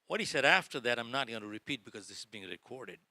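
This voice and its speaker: A man's voice: mid-range voice, animated, fast, bright, forceful tone. A middle-aged man giving a motivational talk to a live audience, telling a story dramatically and acting out the dialogue. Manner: dramatic, addresses audience as folks, acts out dialogue. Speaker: motivational speaker. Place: lecture hall before a live audience.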